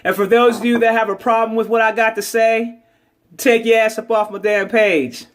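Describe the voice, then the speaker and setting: High-voiced man preaching to followers. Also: little pitch movement, moderate pace, a bit bright. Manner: preachy, calls listeners babies, keeps asking okay. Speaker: spiritual social media host. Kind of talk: spiritual vlog monologue.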